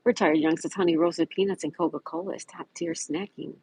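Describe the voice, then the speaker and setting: A man's voice: on the high side, steady tone, brisk, darkish tone, husky, dry recording, rough recording. A man hosting a casual livestream, reading viewer comments aloud and greeting chatters by name. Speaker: livestream host. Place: home in Florida.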